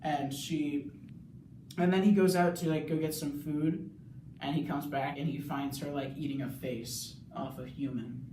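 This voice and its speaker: A young male student rambling through a casual plot recap, full of "like"s, now and then yelling. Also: fairly high pitch, steady tone, a little slow, noisy background. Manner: rambling, many "like"s, bursts of yelling. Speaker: student video reviewer. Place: bathroom. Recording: echoey bathroom, mic far off.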